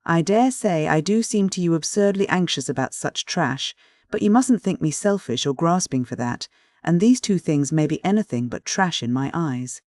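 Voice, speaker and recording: A man's voice: fairly high pitch, dry recording, studio quality, natural voice. A man doing a tense, nervous young student. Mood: anxious. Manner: strained, feigning calm, hurried.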